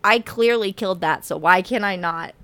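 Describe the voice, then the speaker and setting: A woman's voice: medium pitch, moderate pace, sharp tone, no echo. A woman in her twenties co-hosting a podcast in casual, teasing chat. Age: 20s. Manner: giggly, chatty, teasing. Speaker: podcast co-host.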